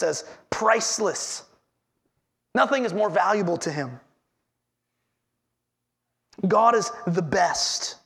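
A man's voice: sits high, gravelly, a bit bright. A man preaching a sermon as pastor, earnestly repeating his headings and asking the congregation questions.

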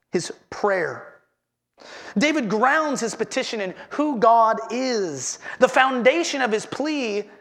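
A man's voice: very high voice, gravelly, a bit bright. A man preaching a sermon as pastor, earnestly repeating his headings and asking the congregation questions.

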